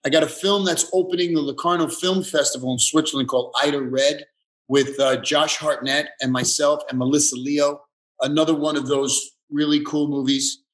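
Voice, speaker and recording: A man, chatting as a guest in an interview, halting and easygoing. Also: fairly high pitch, steady tone, fairly bright tone. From the Bronx, New York. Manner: halting, restarts often, easygoing. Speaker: guest actor. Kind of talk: casual interview chat.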